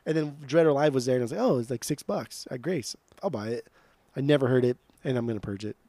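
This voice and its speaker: A man's voice: medium pitch, lively intonation, fast talker, warm tone, no room sound. A man co-hosting a podcast in casual chat, giving blunt, profane opinions with lots of emphasis. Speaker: podcast co-host.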